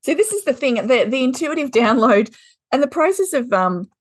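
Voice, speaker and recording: A woman's voice: high-pitched, sing-song, moderate pace, no room sound, clean studio sound. A woman with an Australian accent, a guest on a podcast, chatting casually, swearing freely and laughing often. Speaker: guest, intuitive card deck creator.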